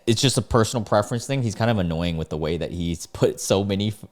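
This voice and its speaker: Low-voiced man reacting in disbelief. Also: quick pace. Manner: incredulous, animated reactions. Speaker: reaction video host. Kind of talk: reading texts aloud and reacting.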